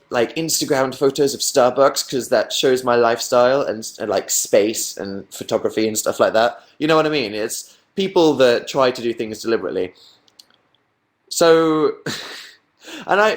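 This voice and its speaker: Man live-streaming at home, rambling chatty self-deprecating host, webcam sound. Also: medium pitch. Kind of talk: casual live stream chat.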